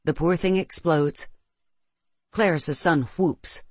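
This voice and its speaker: A narrator reading a first-person science-fiction story in a steady, measured way. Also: mid-range voice, dry recording.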